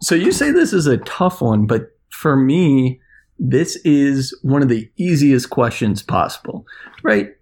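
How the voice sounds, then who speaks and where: A man on a podcast as its international correspondent, ranting in an animated, sarcastic way. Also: mid-range voice, measured pace. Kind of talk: podcast chat.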